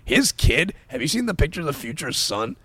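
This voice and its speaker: A man's voice: on the high side, fast, husky, no room sound. A man in casual podcast chat, telling stories animatedly and swearing freely. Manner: animated, profane, storytelling.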